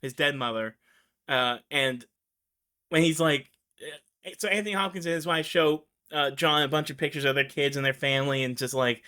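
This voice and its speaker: A man's voice: a little high, normal speed, sharp tone. A man hosting a show, chatting casually about films, rambling and laughing often. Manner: rambling, full of fillers and restarts, laughs often. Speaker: show host. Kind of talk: casual film commentary.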